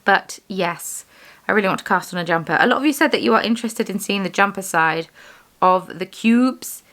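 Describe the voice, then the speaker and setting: Young woman, rambling craft vlog chat, self-deprecating, gravelly fry, mid pitch. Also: quick pace, sharp tone. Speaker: vlogger, yarn dyer and shop owner. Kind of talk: casual chat while bead weaving.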